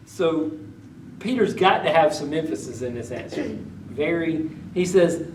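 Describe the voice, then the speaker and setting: Male pastor, slightly high voice, conversational sermon with congregation questions, roomy distant sound. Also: lively intonation, unhurried, darkish tone, a little hiss or hum. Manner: reads old-style scripture then retells it in everyday talk, questions the congregation. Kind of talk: conversational sermon with scripture reading. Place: church sanctuary. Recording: echoey room, voice from a distance.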